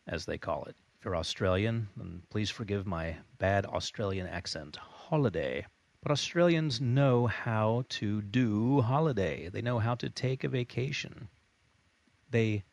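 A man's voice: low-pitched, dry recording. A man teaching a recorded online course lesson with an emphatic, repetitive, motivational delivery. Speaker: course instructor.

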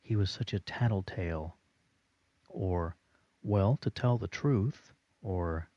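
A man giving a recorded audio lesson in a slow, steady instructional delivery. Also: low voice, dry recording, lo-fi sound.

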